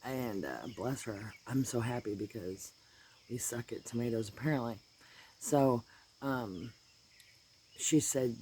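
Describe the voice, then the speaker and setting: Filming outdoors in his garden on a phone, a vlogger chats casually in a voice stuffed up from allergies. His medium-pitched, dark-toned voice is expressive, with a measured pace and long pauses, as he rambles easily into asides over slight background noise.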